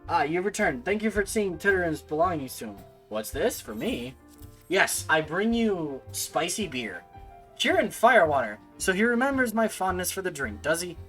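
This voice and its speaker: A woman putting on a rough, salty sailor voice for a video game character, full of gruff asides and curses. The delivery swings up and down with animated pitch over faint music. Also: normal speed. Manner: rough old-salt talk with "aye" and curses.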